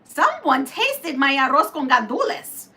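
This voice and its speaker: A woman's voice: very high voice, sing-song, unhurried, sharp tone, pitched above the performer's own voice, full character voice. A woman voicing an angry papa bear in a storybook tale, speaking in a cross voice.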